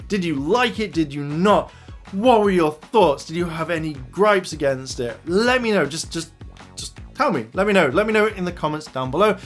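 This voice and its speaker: Man, video reviewer, excitable, slightly higher voice, quick to gush. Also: soft background music. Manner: enthusiastic, retells scenes with quoted lines. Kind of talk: excited casual episode review.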